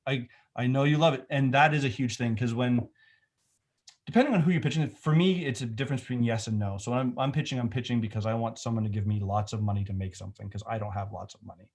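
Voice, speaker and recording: A man's voice: medium pitch, fairly even intonation, fast, darkish tone. A middle-aged man, a film director, talking in a casual remote interview, thoughtful and rambling with many restarts.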